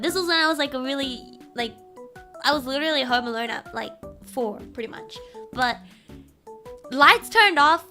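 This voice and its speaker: A woman streamer telling a childhood story in casual chat, animated and laughing often, with sudden shouted impressions. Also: high-pitched. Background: soft background music.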